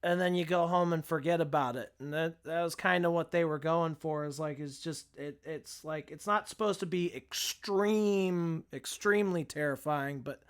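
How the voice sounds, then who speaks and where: A man's voice: a little high, moderate pace, hardly any pauses, smooth. A man co-hosting a podcast, chatting casually about horror films with frequent restarts and fillers. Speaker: podcast co-host. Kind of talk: casual film discussion.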